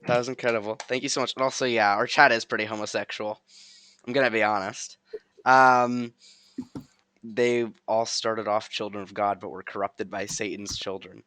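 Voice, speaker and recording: A man's voice: lowish voice, level tone, moderate pace, pushed and bright, no room sound. A young man hosting a casual livestream chat, giggly and rambling with lots of ums. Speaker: streamer host.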